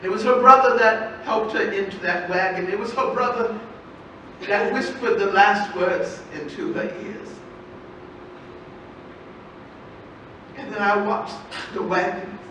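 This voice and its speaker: A woman's voice: on the high side, a bit bright, far from the mic, dull audio, a little hiss or hum, lightly acted. A woman playing a defiant, grieving enslaved mother in an echoey hall. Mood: sorrowful. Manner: slow, impassioned, repeats phrases for weight. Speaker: storyteller in historical character. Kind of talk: live first-person historical storytelling. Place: festival stage before an audience.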